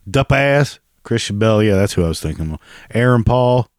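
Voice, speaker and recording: A man's voice: sits low, normal speed, a little mellow, no echo, clean studio sound. A man giving casual, sarcastic and profane reaction commentary on a video he is watching.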